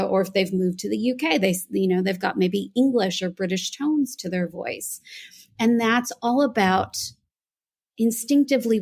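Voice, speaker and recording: An American woman, a voice coach, earnestly telling her story as a podcast guest. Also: medium pitch. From United States. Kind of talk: podcast interview.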